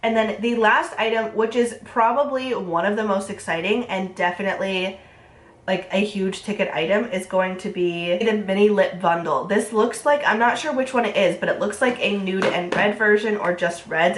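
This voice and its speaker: A young woman, nasal from a cold, chatting casually through a makeup review full of fillers. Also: medium pitch. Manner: chatty, fast, filler-heavy. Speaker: beauty vlogger. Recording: roomy echo.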